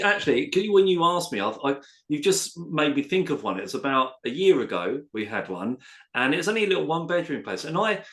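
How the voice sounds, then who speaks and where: Animated man telling a story. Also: mid-range voice. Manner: animated storyteller, acts out quotes. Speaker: letting agent guest. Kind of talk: casual anecdote telling.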